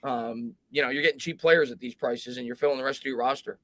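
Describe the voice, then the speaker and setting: A man hosting a live sports talk stream, reading viewer comments aloud and thinking out loud with frequent restarts. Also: medium pitch, fairly even intonation, fast, no room sound. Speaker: host.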